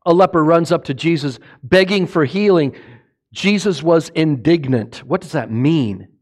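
A middle-aged man preaches with real fervor, his voice sitting high for a man. He rises to loud, urgent peaks and then drops low and quiet, throwing questions out to the congregation. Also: animated, measured pace. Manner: impassioned, rising and falling, asks the congregation questions. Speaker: pastor. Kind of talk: sermon.

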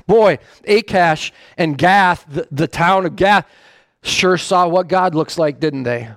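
A man preaching a sermon with animated storytelling who often corrects himself mid-phrase. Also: high voice, slow, no room sound, studio quality.

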